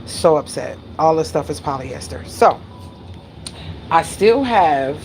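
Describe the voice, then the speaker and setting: A woman's voice: sits low, slow pace, slight background noise. A middle-aged woman, venting at home in a casual chat with her viewers. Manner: exasperated, venting, animated. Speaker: vlogger.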